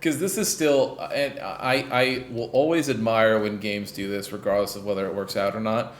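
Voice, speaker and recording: A man's voice: on the low side, steady tone, normal speed, a little hiss or hum. A man co-hosting a podcast, rambling in casual chat with lots of fillers and the odd swear word. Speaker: podcast co-host.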